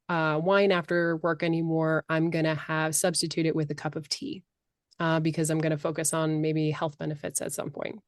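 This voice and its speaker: A middle-aged woman talking as a life coach on a podcast, passionate and animated. Her voice sits a little low. The sound is close and dry. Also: no echo. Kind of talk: podcast interview.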